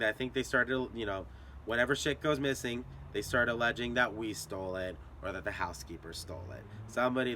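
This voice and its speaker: Bright-voiced profane male storyteller. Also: on the low side, slight background noise. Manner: profane, rambling, conversational. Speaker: storyteller and channel host. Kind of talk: casual storytelling vlog.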